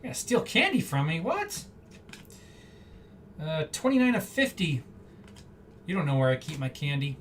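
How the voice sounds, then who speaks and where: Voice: medium pitch, big pitch swings, brisk. Card-break host, casual rambling live chatter, slightly distant mic, faint background hum. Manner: rambling, off-the-cuff, chatty asides. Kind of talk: casual live-stream chatter while opening packs.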